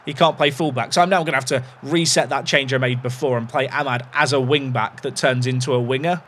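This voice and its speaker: A man's voice: medium pitch, fairly bright tone, slight background noise. A man giving casual, analytical commentary on a football management game as he plays, chatty and a little self-deprecating. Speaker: gaming YouTuber.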